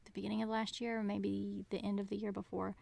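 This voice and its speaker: A woman's voice: medium pitch, flat delivery, fast talker, gravelly, darkish tone, dry recording. A woman co-hosting a podcast, chatting casually about books and animatedly retelling scenes. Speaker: podcast co-host. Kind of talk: casual book-club chat.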